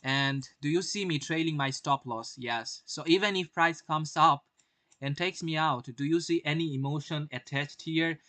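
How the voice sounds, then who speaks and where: A man's voice: on the high side, moderate pace, sharp tone, no echo. Brash young man streaming trade commentary. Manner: brash, swears often, asks viewers rhetorical questions. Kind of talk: live-stream market commentary.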